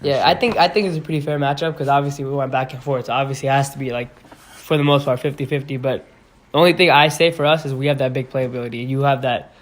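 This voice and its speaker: A man in casual sports podcast chat, defending his team with a quick flow of "like" and restarts. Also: mid-range voice, fairly even intonation. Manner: quick, hedging with "like". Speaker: podcast host.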